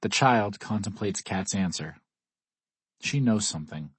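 A man narrates a first-person audiobook in a measured, wry way. His voice is low and husky, recorded close and dry. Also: lively intonation, no echo.

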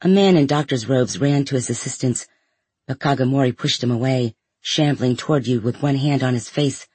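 A man reading a first-person story aloud in a measured, even way. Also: medium pitch, slightly rough, no echo. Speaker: audiobook narrator.

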